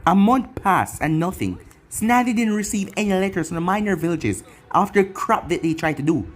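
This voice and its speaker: Fanfic narrator reading an anime story, pitch all over, soft music under it. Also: animated, fairly quick. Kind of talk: fan fiction reading.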